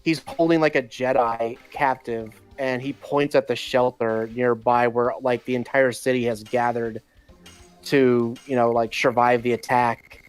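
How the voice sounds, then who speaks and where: A man's voice: mid-range voice, flat delivery, measured pace, clear, resonant tone, soft background music. Ranting, profane young man. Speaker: streamer. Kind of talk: casual gaming stream chat.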